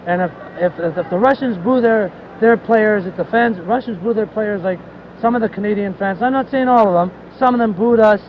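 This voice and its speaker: A man giving an emotional, halting post-game TV interview, repeating himself. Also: high-pitched. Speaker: hockey player speaking on TV. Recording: dull archival broadcast with faint noise.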